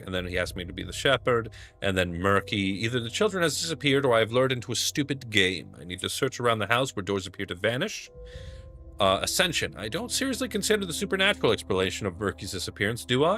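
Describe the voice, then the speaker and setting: Brief: casual gamer guy, lowish voice, animated, reading game text. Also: fast talker, faint music behind. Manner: rambling, reads dialogue aloud. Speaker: let's play gamer.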